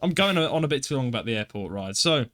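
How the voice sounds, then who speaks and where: A man's voice: mid-range voice, sing-song, fast talker, fairly bright tone. A young man telling an embarrassing story on a podcast, self-deprecating and acting out his own reactions. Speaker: podcast co-host. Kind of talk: casual storytelling.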